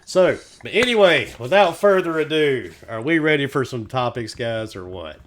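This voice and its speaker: A man's voice: medium pitch, expressive, normal speed, fairly bright tone. A man hosting a casual gaming talk show who jokes loosely and swears freely. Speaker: podcast host. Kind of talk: casual online show chat.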